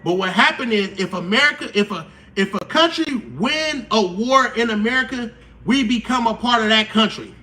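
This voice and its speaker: A man's voice: very high-pitched, moderate pace, pushed and bright, distant mic, a little hiss or hum. A man hosting a casual livestream, talking in slangy, profane speech and repeating his points to drive them home. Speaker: channel host.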